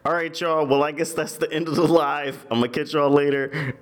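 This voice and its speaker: A man's voice: a little high, pitched above the performer's own voice, close to an everyday voice. A man voicing a young male DJ hyping his followers on a livestream. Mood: wrapping up. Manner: fast, excited hype talk.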